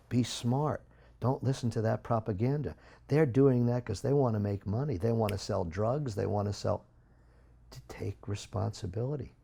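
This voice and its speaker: A man speaking as an interview guest, talking in an emphatic, preachy way with big swings in loudness. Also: on the low side, creaky, breathy edge. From United States. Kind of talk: interview talk.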